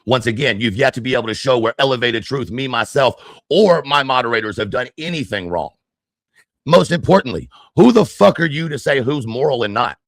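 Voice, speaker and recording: A furious man rants into a close, dry microphone, hurling insults and challenges. His voice sits at an ordinary middle pitch. The delivery is confrontational and profane throughout. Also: expressive, fairly quick, no room sound. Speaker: livestreamer. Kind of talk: angry livestream rant.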